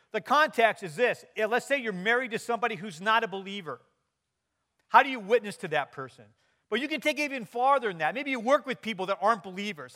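Man, pastor, sermon, high bright voice, storytelling with humor. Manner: storytelling with quoted dialogue and humor.

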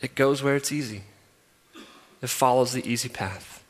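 A man's voice: mid-range voice, moderate pace. Emphatic preacher man in a big hall. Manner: emphatic, repeats phrases, swings from loud to soft. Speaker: pastor. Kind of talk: sermon. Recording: long hall reverb.

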